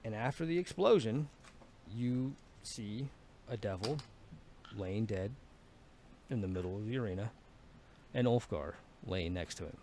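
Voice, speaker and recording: A man's voice: fairly low pitch, lively intonation, measured pace, long pauses, mellow, slight background noise. A man narrating as dungeon master, telling a battle in a casual, profane way with many fillers. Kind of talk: narrating a tabletop game.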